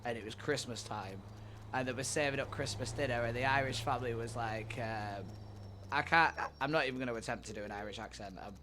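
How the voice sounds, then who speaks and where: A man's voice: medium pitch, a little fast, background noise. Laid-back rambling male streamer. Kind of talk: casual chat with viewers during a roleplay stream.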